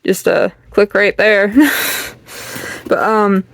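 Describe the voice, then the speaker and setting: Young female vlogger, casual and rambly, unhurried delivery with lots of ums and giggles; mid-range voice. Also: mid-range voice, fairly even intonation, vocal fry, fairly bright tone, dry recording. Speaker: channel host. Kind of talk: casual bookshelf tour.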